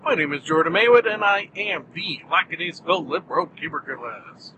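A man hosting a solo podcast, talking in a wry, deadpan, self-mocking way with jumpy, animated delivery. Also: a little high, brisk, background noise. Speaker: podcast host.

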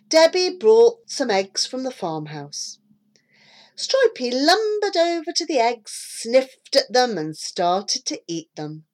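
A woman reading a children's story aloud, with a lively, expressive delivery. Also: high-pitched, takes it slowly.

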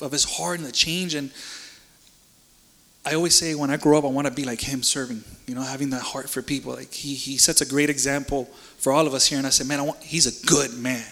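A man's voice: mid-range voice, fairly even intonation, fairly quick, bright, forceful tone. A man giving an emotional personal faith testimony in casual, earnest speech, often repeating words. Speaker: church member giving a testimony. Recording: reverberant hall.

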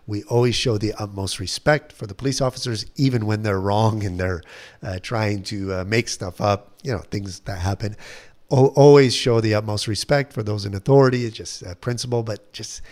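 A man, a missionary, telling a personal story in a lively way, acting out what others said and laughing at himself. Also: lowish voice. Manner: animated retelling, acts out quoted voices, laughs at himself.

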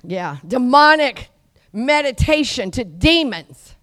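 A middle-aged woman preaches with a high, ringing voice, urging her listeners to repeat her words. She swings from quiet asides to fervent shouting. The sound is close and dry. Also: no echo. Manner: exhorting, call-and-response with the audience, rising to shouts. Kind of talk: charismatic sermon.

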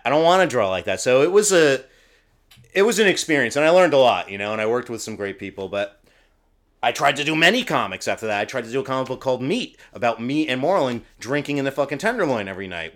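Loud, fast-talking, animated man. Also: mid-range voice. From New Jersey. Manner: loud, excitable, swears a lot. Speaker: podcast guest, comic book artist. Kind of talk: casual chat.

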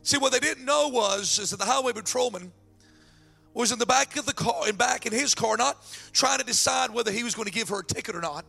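Male pastor, strained throat, high gravelly voice, excitable storyteller. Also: brisk, soft background music. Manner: excitable, repeats words when building up. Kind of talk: sermon storytelling.

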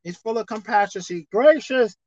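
High, lively woman pastor preaching. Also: normal speed, no room sound. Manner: preaching with dramatic swings from soft to shouted. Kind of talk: sermon. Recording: dull dry sound.

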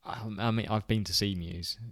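A man's voice: lowish voice, fairly even intonation, normal speed, a bit bright, dry recording. A man in his thirties co-hosting a podcast in casual chat, dry and self-deprecating, with a slightly sore throat and frequent laughs. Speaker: podcast co-host.

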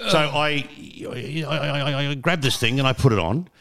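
A man's voice: mid-range voice, normal speed, fairly bright tone. A man in his fifties with an Australian accent, a former radio presenter telling long rambling anecdotes with restarts and the odd swear word. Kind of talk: casual storytelling interview.

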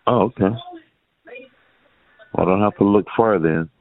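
A man's voice: lowish voice, normal speed. A man on a phone line, easygoing and agreeable in conversation. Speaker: caller.

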